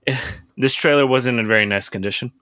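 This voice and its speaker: Young guy, bright and dry close-mic sound, rambling storyteller who swears freely. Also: mid-range voice, brisk, no echo. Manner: profane, rambling, lots of restarts and filler words. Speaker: podcast co-host telling a story. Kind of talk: casual storytelling chat.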